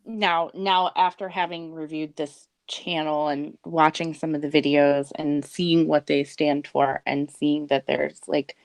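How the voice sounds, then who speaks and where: A woman co-hosting a podcast in measured, giggly casual chat. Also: sits low, little pitch movement, dry recording. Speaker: podcast co-host.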